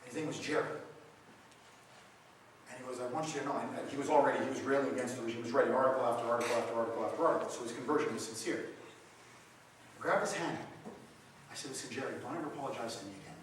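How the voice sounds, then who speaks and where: A man's voice: mid-range voice, fast talker, long pauses, a little hiss or hum. A man, a radio talk show host, answering audience questions at a seminar with passionate, preachy storytelling. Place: large meeting room. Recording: echoey hall, recorded from far off.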